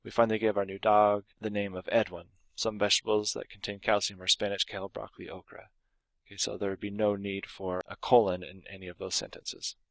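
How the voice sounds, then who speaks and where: A man's voice: lowish voice, little pitch movement, brisk, creaky, no echo. A man teaching a grammar lesson, explaining punctuation and reading example sentences aloud, with occasional fillers and restarts. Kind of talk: recorded lesson.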